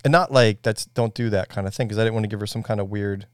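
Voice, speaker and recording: A man in his thirties talks in a relaxed, wry way about his daughter. His voice is smooth and resonant. It sits close and dry on the mic. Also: on the low side, quick pace, no room sound. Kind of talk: casual chat.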